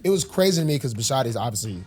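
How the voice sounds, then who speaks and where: Animated young man telling stories. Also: mid-range voice, very fast, soft background music. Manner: animated storyteller, acts out quotes. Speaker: podcast co-host, football player. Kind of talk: casual podcast banter.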